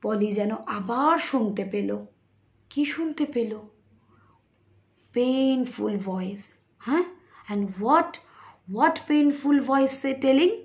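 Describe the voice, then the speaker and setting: A woman's voice: high voice, lively intonation, brisk, long pauses. A woman with a Bengali accent teaching an English story lesson to young children, reading lines aloud and explaining them in simple words. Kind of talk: online English literature lesson.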